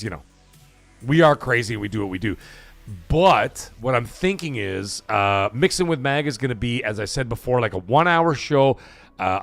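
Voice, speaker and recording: Animated, cursing stream host man. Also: mid-range voice, no room sound. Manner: profane, rambling, animated. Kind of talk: casual live stream chat.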